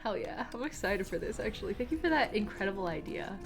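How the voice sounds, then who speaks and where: A woman's voice: medium pitch, expressive, fast talker. A young woman streaming a game, chatting casually and reading chat aloud between laughs. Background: game music.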